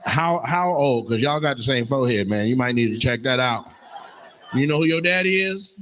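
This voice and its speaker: A man's voice: medium pitch, animated, normal speed, a bit bright. A man doing stand-up crowd work, teasing audience members in brash, profane banter on a live stage mic. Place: live comedy venue. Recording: noisy live venue sound.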